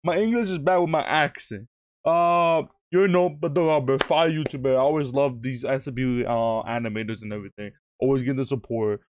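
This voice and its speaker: A man's voice: mid-range voice, fairly quick, dry recording. A young man chatting casually as he reacts to a video, rambling, laughing often and restarting his sentences. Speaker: YouTube reactor.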